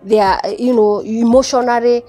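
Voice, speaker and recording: A woman's voice: a little high, steady tone, normal speed, mellow, soft background music. A woman, a marriage counselor giving earnest, instructive advice on a talk show and repeating phrases for emphasis.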